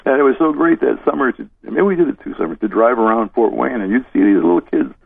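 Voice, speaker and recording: A man's voice: medium pitch, fast talker, creaky, husky, dry recording. An older man, a former disc jockey, telling stories in an interview, rambling and chuckling as he goes. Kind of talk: reminiscing interview. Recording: dry tinny phone line.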